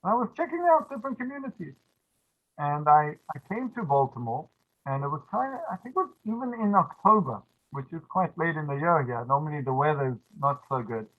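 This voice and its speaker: A man's voice: a little high, very animated, a little fast. A man from Africa, telling stories as a religious teacher in a chatty way with frequent restarts and asides. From South Africa. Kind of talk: storytelling lesson. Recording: tinny phone-like sound.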